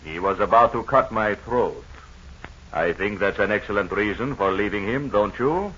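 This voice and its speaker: A man's voice: lowish voice, moderate pace, a bit bright, slightly rough. A man playing a scheming villain henchman in a 1930s radio serial, with a menacing, gloating manner. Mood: cagey. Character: scheming male villain henchman turned rogue. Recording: dull old radio transcription.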